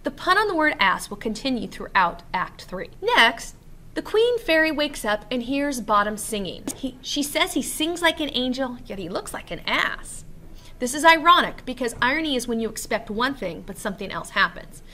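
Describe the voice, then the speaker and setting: A woman's voice: high voice, very animated, normal speed, pushed and bright, a little hiss or hum. A woman teacher giving a recorded literature lesson, explaining scenes and reading quotes aloud.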